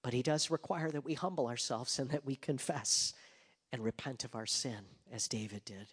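A pastor preaching a sermon with passion, rising to loud emphasis and dropping to hushed whispers. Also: male voice, mid-range voice, moderate pace, breathy edge. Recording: long hall reverb.

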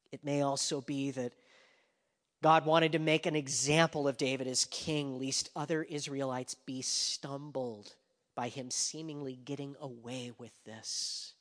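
A pastor preaching a sermon with passion, rising to loud emphasis and dropping to hushed whispers. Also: male voice, mid-range voice. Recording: long hall reverb.

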